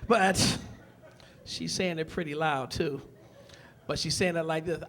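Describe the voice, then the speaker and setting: A man from Detroit doing a stand-up comedy set on a club stage, with a loud, punchy delivery that acts out characters. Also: fairly high pitch, a little slow, pauses often.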